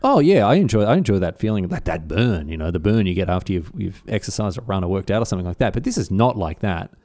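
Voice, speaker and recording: A man co-hosting a podcast, telling stories in casual chat and jumping into high mock voices. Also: fast. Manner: animated storyteller, jumps into high mock voices. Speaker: podcast co-host.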